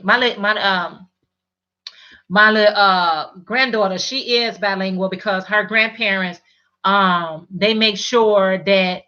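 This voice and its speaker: Middle-aged woman, live stream host, chatty, repeats herself, bright voice, dull lo-fi audio. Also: medium pitch, takes it slowly. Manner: chatty, restarts and repeats words often. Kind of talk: casual live chat, reading viewer comments.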